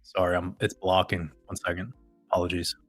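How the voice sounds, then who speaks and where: A man's voice: deep voice, monotone, fairly quick, fairly bright tone, husky, dry recording, faint music behind. A man host ranting in profane, sarcastic casual talk to a live chat audience. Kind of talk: casual rant to a livestream chat.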